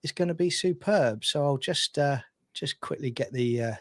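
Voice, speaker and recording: A man's voice: a little high, normal speed, dry recording. A man co-hosting a live watch-along, upbeat and chuckling often. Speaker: co-host.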